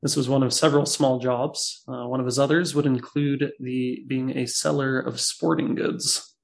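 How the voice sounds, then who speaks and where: A man co-hosting a podcast, his voice carrying a gravelly fry. He talks casually, in halting restarts and dry one-liners, at a middling pitch. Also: level tone. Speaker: podcast co-host. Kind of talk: casual chat.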